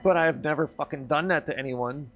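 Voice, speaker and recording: Fairly high-pitched and talking a little fast, this man streams while drinking, spinning a meandering, foul-mouthed yarn and working himself up as it goes. There's a slight hiss or hum on the recording, and the tone stays casual and chatty.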